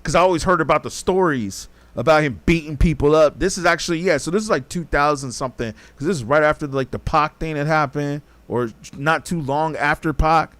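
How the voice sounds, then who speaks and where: A man's voice: fairly high pitch, a little fast, hardly any pauses, fairly bright tone, no echo. A man hosting a podcast, telling a story casually in a rambling, profane way and acting out what people said. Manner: rambling, profane, acts out quotes. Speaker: podcast host.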